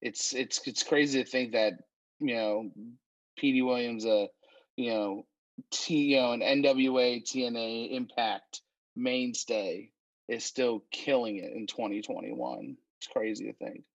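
A man co-hosting a wrestling podcast walks through the matches in easy, unhurried chat, using plenty of fillers and restarts. His mid-range voice is creaky, and the audio is dull, recorded dry and close with no room sound.

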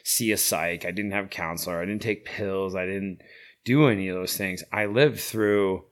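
A man's voice: low voice, normal speed, fairly bright tone. A middle-aged man telling stories in a casual interview, rambling with many fillers. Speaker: guest, founder of a veteran horse program.

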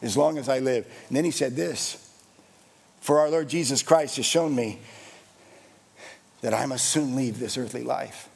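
A man's voice: medium pitch, a little slow, gravelly, pauses often, darkish tone, slightly rough, long reverb tail. A man preaching a sermon as pastor, with an emphatic, repetitive cadence.

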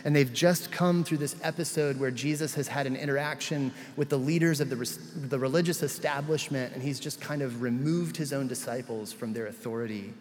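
A man's voice: mid-range voice, fairly quick, hardly any pauses, big-room sound. A male pastor delivering a sermon, retelling scripture in a conversational way with casual asides.

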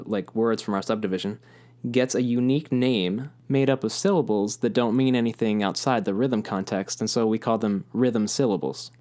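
A man with a mid-range voice teaches music with patient, clear explanations. He chants rhythm syllables while tapping a drum softly in time. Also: mid-range voice.

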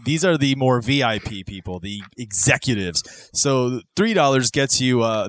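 A man co-hosting a podcast in a dry, close-miked room. He reads a membership pitch in a hammy, mock-formal announcer tone, then slips into loose, rambling chat. The voice sits at a mid pitch. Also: lively intonation, normal speed, few pauses, no echo. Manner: playful, hammy announcer delivery when reading, loose and rambling when chatting. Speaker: podcast co-host.

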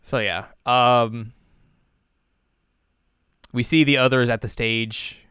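A man's voice: mid-range voice, fairly even intonation, slow pace, fairly bright tone, smooth, dry recording, clean studio sound. A young man co-hosting a podcast, recapping an anime episode in a chatty, filler-heavy way. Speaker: podcast co-host.

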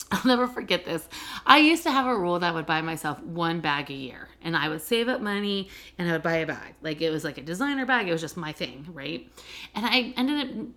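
A woman's voice: lowish voice, fairly quick. A middle-aged woman hosting a podcast, an educator who works with children and families, talking candidly in a casual monologue and telling stories with many fillers. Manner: candid, animated storytelling with frequent fillers.

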